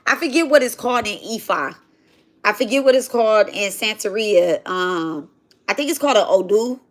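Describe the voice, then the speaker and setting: A woman's voice: medium pitch, lively intonation, moderate pace. A woman chatting casually on a livestream while she cooks, rambling and slangy as she tells a spiritual story. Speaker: spiritual content creator.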